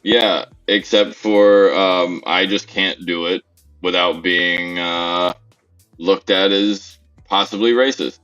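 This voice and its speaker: A man's voice: low-pitched, fairly even intonation, slow, a bit bright. A man co-hosting a live stock market stream, trading joking banter in casual chat. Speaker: stock market livestream co-host. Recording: dull lo-fi audio with faint music.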